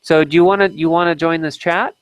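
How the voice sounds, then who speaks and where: A man's voice: a little high, fairly even intonation, a little fast, smooth, no room sound, low-quality recording. A man hosting an unplanned live stream, chatting casually and often stopping to restart his sentences.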